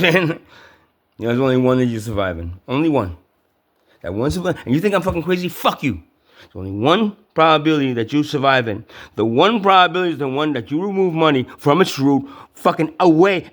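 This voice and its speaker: A man delivering a profane ranting monologue, stammering over repeated words and yelling at times. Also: on the high side. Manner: stammering repetitions, heavy swearing, yelling.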